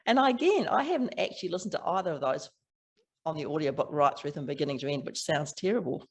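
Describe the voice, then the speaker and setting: Older woman, new zealand accent, gravelly fry, chatty author interview, laughs easily. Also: sits low, expressive, fast. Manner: chatty, laughing, many restarts. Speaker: author guest. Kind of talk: casual interview chat.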